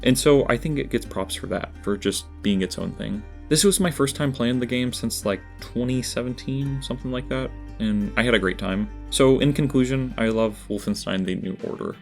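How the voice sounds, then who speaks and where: A man's voice: mid-range voice, moderate pace, creaky, few pauses, soft background music. A man narrating a scripted game review, earnest and candid, with dry asides. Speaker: video essay host.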